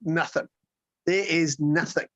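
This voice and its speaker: A man with a notably high voice spins a wild road-trip tale as a guest, excitable and profane, tripping over his own restarts. The sound is close and dry, with no room around it. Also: slow pace, no echo, lo-fi sound. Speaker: guest storyteller. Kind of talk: casual road-trip storytelling.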